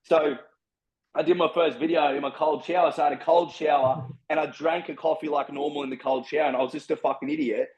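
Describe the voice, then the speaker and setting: A man's voice: fairly high pitch, fairly even intonation, quick pace, darkish tone, muffled recording. A man in casual chat, talking bluntly and swearing heavily in a preachy way. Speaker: podcast guest.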